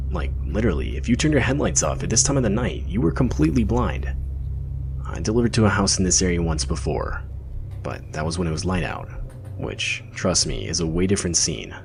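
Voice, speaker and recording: A man's voice: sits low, big pitch swings, a little fast, vocal fry, background noise. A man narrating a scripted first-person story in a conversational, plain way.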